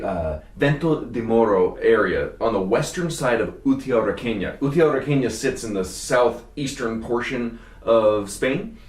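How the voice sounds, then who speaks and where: A man hosting a wine tasting show, chatting casually in a jokey, rambling way with plenty of fillers. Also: medium pitch. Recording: roomy sound from a distance.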